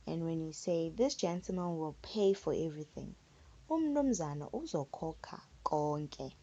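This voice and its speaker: A woman teaching phrases patiently in a relaxed spoken lesson, repeating words for learners. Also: sits low, normal speed. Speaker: language teacher. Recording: dull lo-fi recording.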